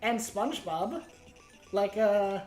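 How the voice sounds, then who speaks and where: A woman's voice: medium pitch, takes it slowly, darkish tone, faint music behind. A woman streaming a game, telling a long, rambling, bemused story with frequent laughs. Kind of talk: casual stream commentary.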